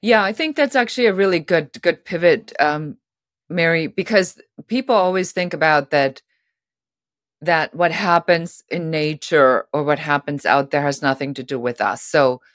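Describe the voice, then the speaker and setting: A middle-aged woman guest on a podcast, telling stories in a lively way and acting out the voices of people she quotes. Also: low voice, moderate pace, no echo, clean studio sound. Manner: animated, acts out quoted voices. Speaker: guest author. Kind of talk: storytelling interview talk.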